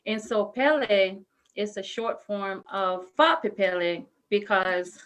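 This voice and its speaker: A woman's voice: medium pitch, steady tone, slow pace, a little hiss or hum, poor audio. Woman, from Samoa, young adult, live interview guest, effusive, grateful, laughs often. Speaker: guest speaker.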